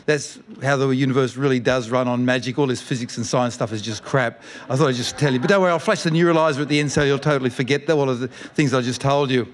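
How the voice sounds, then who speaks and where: A middle-aged Australian man reading his own comic story aloud to a live audience, rambling with deadpan asides. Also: mid-range voice, fast, hardly any pauses.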